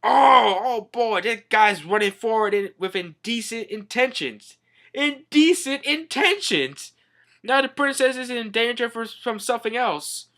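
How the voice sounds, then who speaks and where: Brief: shrill, fussy court minister, put on by a man, panicking in a high voice. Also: sing-song, normal speed, vocal fry, pushed and bright, full character voice. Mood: alarmed. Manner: shrill, alarmed, exclaiming.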